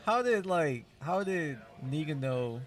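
A man's voice: a little high, takes it slowly. Opinionated man in casual podcast chat. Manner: animated, opinionated, many "like"s. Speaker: podcast co-host. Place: comic shop event.

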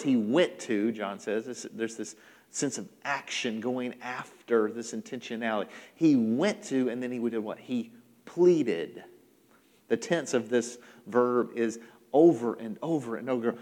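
A man's voice: mid-range voice, a little slow, darkish tone. A man preaching a sermon as pastor, emphatic and repetitive, sometimes acting out the people he quotes. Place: church sanctuary. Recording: long hall reverb.

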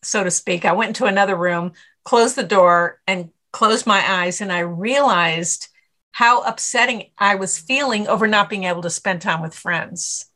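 Bright, animated woman telling stories. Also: medium pitch, moderate pace. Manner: animated storyteller, acts out her own inner voice. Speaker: author and stress coach guest. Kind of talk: interview answer with anecdotes.

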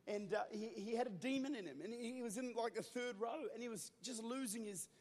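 Man, thirties, Pentecostal preacher: very high voice, loud call-and-response delivery, long hall reverb. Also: brisk. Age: 30s. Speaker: pastor. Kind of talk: Pentecostal sermon. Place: church auditorium. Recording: long echo of a large hall.

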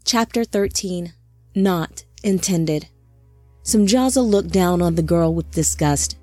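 A woman narrating a dark fantasy audio drama in a slow, measured read. Her voice sits on the low side, and each sentence is delivered with deliberate, even care. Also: no echo, studio quality, faint music behind.

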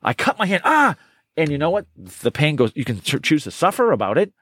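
A middle-aged man telling stories as a podcast guest, energetic and profane, often repeating words as he gets going. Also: a little high, fast talker, dry recording, clean studio sound. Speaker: podcast guest, trainer and author. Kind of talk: casual interview storytelling.

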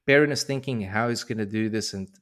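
Low-voiced man retelling a story. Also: fast. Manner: animated storyteller, slangy. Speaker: podcast co-host. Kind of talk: casual book recap.

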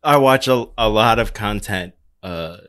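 A man co-hosting a casual podcast chat, joking and crude, with quick asides. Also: fairly low pitch, a bit bright. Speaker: podcast co-host.

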